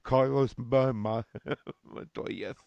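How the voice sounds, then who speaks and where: Podcast host: a man with a gravelly, low voice who jumps in to tease and joke, recorded dry. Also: steady tone, a little mellow, dry recording, dull audio. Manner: teasing, laughing, quick interjections. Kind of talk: casual racing chat.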